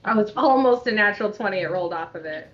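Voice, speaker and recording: A woman playing a tabletop game, thinking aloud in a deliberate way. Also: medium pitch, animated, dull audio. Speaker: player.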